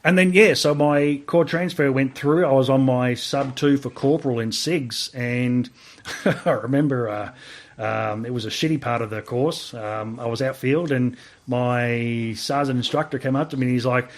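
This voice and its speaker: A man's voice: mid-range voice, moderate pace. An Australian army veteran in his forties chats as a guest in a casual interview. He swears freely and acts out the conversations he remembers. His voice sits in the middle of the male range.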